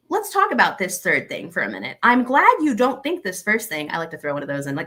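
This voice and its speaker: A woman's voice: medium pitch, brisk, hardly any pauses. A young adult woman from Arkansas, a comedian guest in an interview, animatedly acting out both sides of the conversations she describes. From Arkansas, USA. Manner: animated, acts out both sides of quoted dialogue.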